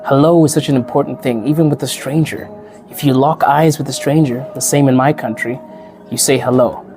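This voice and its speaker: A man's voice: medium pitch, fairly even intonation, a little fast, darkish tone, faint music behind. A man from Africa who hosts a podcast, chatting casually to the camera, laughing often and acting out the people he quotes. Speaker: podcast host and teacher.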